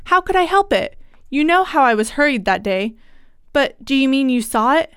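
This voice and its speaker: A woman's voice: high voice, very animated, normal speed, fairly bright tone, no room sound, studio quality, voice pushed up. A woman voicing a stern older mother in a period ghost story, urgent and commanding.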